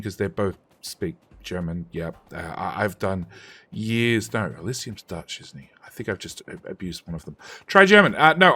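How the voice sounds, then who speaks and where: While streaming a game, a man with a fairly low, fairly bright voice banters with his audience. His humor is easygoing and self-deprecating, his sentences frequently start over, and the profanity comes naturally.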